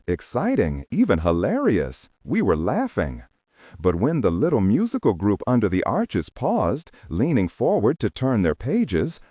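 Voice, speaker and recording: Husky-voiced male audiobook narrator. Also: on the low side, mellow, no echo, studio quality, recorded from a distance. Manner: reflective first-person storytelling. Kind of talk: scripted narration.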